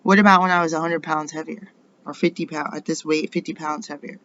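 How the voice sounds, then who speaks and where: A woman's voice: low-pitched, steady tone, a little fast, a bit bright. Middle-aged American woman, rambling and indignant monologue, muffled recording with light hiss. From United States. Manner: indignant, rambling, rhetorical questions. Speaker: vlogger.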